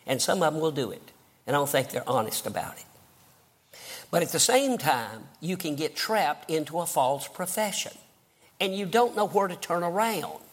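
A man's voice: a little high, animated, normal speed. An older man preaching a fervent sermon, telling his own conversion story and rising to emphatic outbursts. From American South. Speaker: evangelist preacher.

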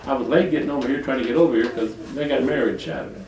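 A man's voice: medium pitch, rapid-fire, darkish tone, a little hiss or hum. An older man from Detroit preaching a folksy, colloquial sermon full of rambling stories and chuckles. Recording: echoey hall from far off.

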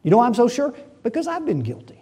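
A middle-aged man preaching a sermon, swinging between emphatic and hushed delivery. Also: very high voice, huge pitch swings, quick pace, slightly rough. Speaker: pastor.

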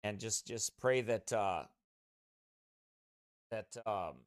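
A man's voice: fairly low pitch, slow pace, no room sound. A man who pastors, chatting casually with his streaming congregation in a rambling way, full of restarts, speaking close to a desk mic beside his streaming computer.

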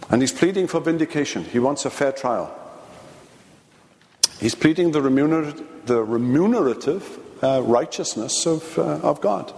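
Halting preacher in an echoing church. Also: male voice, on the high side, animated, vocal fry, a little mellow. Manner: earnest, halting delivery with frequent fillers and restarts. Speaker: preacher teaching a midweek theology class. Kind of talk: sermon lecture. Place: church sanctuary. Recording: long reverb of a large church.

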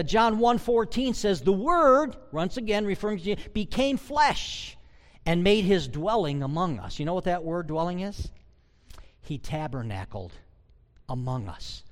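Emphatic man preaching in a reverberant hall. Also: on the high side. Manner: emphatic preaching, swings between loud and soft. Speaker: pastor. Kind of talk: sermon.

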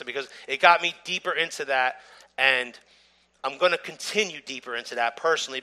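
A man preaching as a guest, giving a personal testimony in an earnest, halting way that builds to emphatic urging. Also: on the high side, bright, forceful tone. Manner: earnest, halting with repeated restarts, rising to emphatic exhortation.

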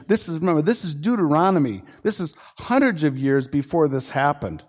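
A man's voice: on the high side, big pitch swings, fairly quick, few pauses, darkish tone. A male pastor preaching a sermon with an earnest, warning manner, often restarting his sentences. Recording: long hall reverb.

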